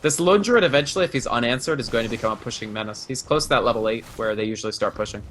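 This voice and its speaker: A man's voice: mid-range voice, very fast, a bit bright, slight background noise. A man from Russia giving live analysis of a video game match in a chatty, analytical way. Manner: analytical, chatty, frequent laughs. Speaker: esports analyst.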